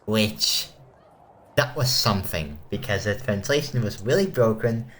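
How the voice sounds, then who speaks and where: A young man hosting a casual let's play, chatting and reading game text aloud quickly and flatly. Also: fairly low pitch, slight background noise. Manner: reads game text aloud fast and flat. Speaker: gamer.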